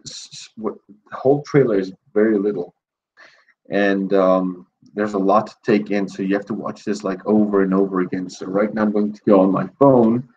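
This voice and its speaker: A man hosting a casual thank-you stream, speaking in a groggy morning voice and rambling with many fillers and pauses. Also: fairly low pitch, darkish tone, highs cut off, slight background noise. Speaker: channel host.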